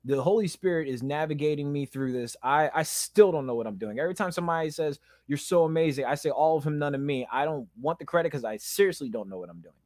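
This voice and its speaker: A podcast host tells a personal story in a raw, candid way. He swings between loud, emphatic bursts and quiet, subdued asides. His voice sits a little high for a man and sounds dry and close. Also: lively intonation, fast talker, hardly any pauses, dry recording.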